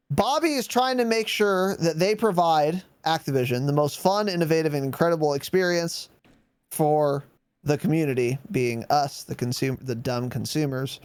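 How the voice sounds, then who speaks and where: A man co-hosting a gaming podcast, talking in casual chat with a lively voice that swings up and down as he mocks corporate statements. He is sarcastic and swears freely. The sound is dry and close. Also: fairly high pitch, smooth, no echo. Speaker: podcast co-host.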